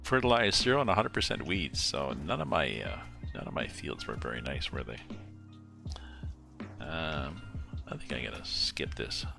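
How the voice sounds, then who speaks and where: Very deep, gravelly male game streamer. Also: very animated. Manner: thinks aloud, mumbling asides and working sums out slowly. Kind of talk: casual live-stream commentary while playing. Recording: music playing clearly behind the voice. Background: background music.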